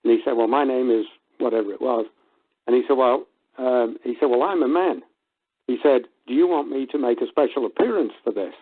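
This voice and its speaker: A man with a mid-range voice calls in to a talk show and retells a story in a lively way. He chuckles and acts out the quotes as he goes. His voice comes through a narrow, tinny phone line. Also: medium pitch, fairly quick, husky. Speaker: caller. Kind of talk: casual storytelling on a call-in show.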